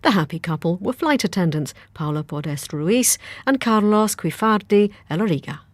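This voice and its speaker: Brief: woman news presenter, lowish voice, light playful read, dry studio sound. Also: lively intonation, moderate pace, no echo.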